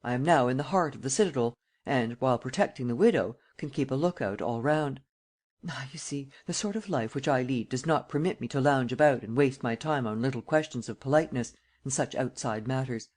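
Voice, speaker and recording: A male audiobook reader voices a cool, cynical gentleman thief, a middle-aged man who lays out his schemes with calm, sardonic, dry confidence in a storybook reading. His voice is natural and mid-range, and he speaks fairly quickly.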